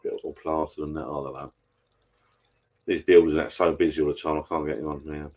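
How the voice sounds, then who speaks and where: A man's voice: a bass voice, fairly even intonation, fairly quick, a little mellow. A middle-aged man hosting a casual live stream, rambling on and reading out viewer comments.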